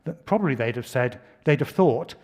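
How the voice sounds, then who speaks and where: A man's voice: mid-range voice, animated, moderate pace, a little mellow. A middle-aged man from Britain giving a public lecture, telling a story with dry asides and frequent restarts. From United Kingdom.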